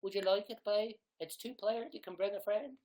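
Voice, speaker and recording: A man's voice: high-pitched, steady tone, a little fast, a little mellow, voice pushed up, lightly acted, rough recording. A man putting on an exaggerated fake Irish accent, playing a cheery young male gamer who repeats sing-song catchphrases. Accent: put-on Irish.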